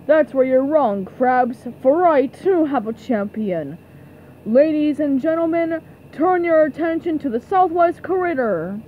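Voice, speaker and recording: A woman's voice: high voice, expressive, a little slow, dull audio, slight background noise. A woman voicing a pompous, spiteful tiny male villain in a cartoon fan dub. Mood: gloating. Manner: gloating, theatrical.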